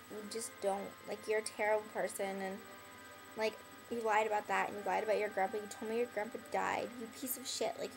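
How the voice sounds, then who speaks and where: A woman's voice: medium pitch, creaky, low-quality recording. A young woman talking straight to camera in a rambling, filler-heavy way, with "like" in nearly every phrase, blunt and bitter toward the person she addresses. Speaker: vlogger addressing an ex-friend. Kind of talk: casual rambling monologue to camera.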